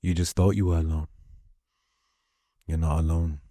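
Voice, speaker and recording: A man's voice: very deep voice, level tone, normal speed, dark tone, dry recording. A man giving an impassioned spiritual pep talk, repeating his lines and swearing freely for emphasis. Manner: profane, repetitive, emphatic. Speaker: motivational speaker.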